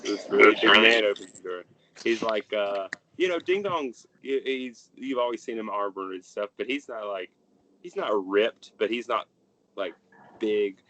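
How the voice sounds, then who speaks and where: A man's voice: lowish voice, normal speed, fairly bright tone, low-quality recording. A young adult man narrating a tabletop game as game master, in a casual, rambling way full of fillers.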